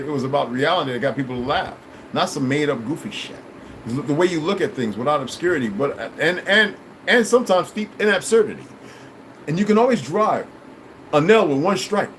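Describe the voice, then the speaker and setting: Guy rambling on his livestream, kinda high voice, cussing a lot, straight talk, faint hum behind. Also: fairly bright tone, rough recording. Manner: blunt, profane and preachy. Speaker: livestream host talking to viewers. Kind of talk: rambling casual livestream chat.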